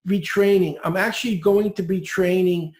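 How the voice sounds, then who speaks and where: Speaking at a normal speed in a steady, high voice with a darkish tone, a man appears as a podcast guest to teach speed reading. He walks listeners through it step by step in a direct, upbeat way, and the bare-room sound is echoey.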